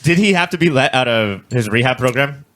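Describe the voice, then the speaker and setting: A young man with a mid-pitched, bright, forceful voice talks as a podcast co-host. His manner is blunt and salty, and he swears freely while he rants in loose, casual chat. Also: lively intonation, a little fast. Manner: blunt, profane, and ranting. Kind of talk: casual chat about a TV show.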